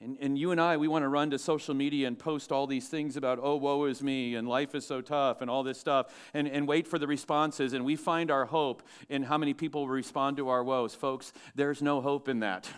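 A man, a pastor, preaching a sermon to his congregation in a church, asking the room questions and rising loud and animated when he quotes scripture. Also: medium pitch, a little fast, few pauses, clear, resonant tone.

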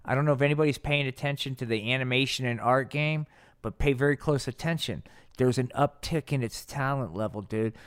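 A man's voice: mid-range voice, clean tone. A man hosting a live comedy podcast who tells a rambling story in stoner slang, swearing and saying "dude" and "man".

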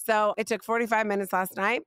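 A woman, hosting a podcast and telling a funny family story in a casual, animated way. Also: medium pitch, fairly quick, clear, resonant tone, no room sound. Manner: animated, laughing, rising emphasis on punchlines. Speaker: podcast host.

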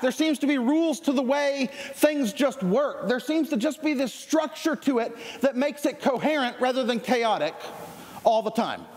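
A man with a Southern US accent preaching a sermon, lively and conversational, with jokes and asides to his congregation. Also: extremely high pitch. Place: church sanctuary. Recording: long hall reverb.

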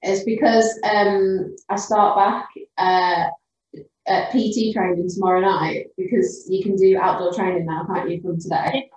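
A woman hosting a casual interview from her home over a video call, friendly and quick to laugh. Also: medium pitch, fairly even intonation, a little mellow. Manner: friendly, laughs readily, asks questions. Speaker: host. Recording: echoey room, far from the mic, faint noise.

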